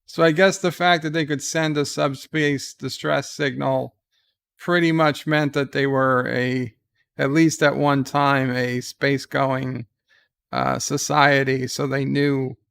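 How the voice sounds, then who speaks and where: A man giving casual live commentary on a TV episode, loosely recapping scenes and reading viewer chat questions aloud, thinking out loud as he answers. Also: medium pitch, little pitch movement, slow pace, gravelly, clear, resonant tone, no echo. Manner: thinks out loud with fillers and restarts.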